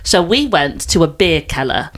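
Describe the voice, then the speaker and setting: A woman's voice: lowish voice, very animated, normal speed. A woman co-hosting a podcast, telling an anecdote in casual chat with lots of asides. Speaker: podcast co-host.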